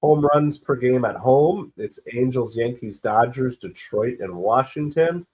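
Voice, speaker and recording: This relaxed live-stream host is a man whose voice is raspy and congested from a cold, and he talks a little slowly. His casual play-by-play meanders from stats to plays, with bursts of excitement on close pitches, and the audio is lo-fi.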